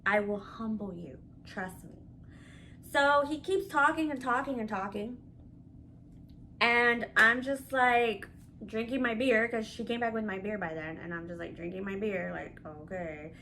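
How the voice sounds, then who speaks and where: A woman vlogger telling a story in a casual, animated and candid way, swearing freely. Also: on the high side, unhurried, slight background noise.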